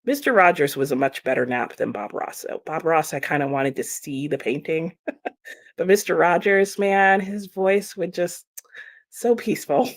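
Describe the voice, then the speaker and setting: A young American woman chats casually on a livestream, her voice sitting a little low and recorded close and dry with no room sound. She laughs easily and drifts from thought to thought as she answers viewers. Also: moderate pace, no echo. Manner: chatty, laughs often, reads viewer comments aloud. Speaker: livestream host reading chat.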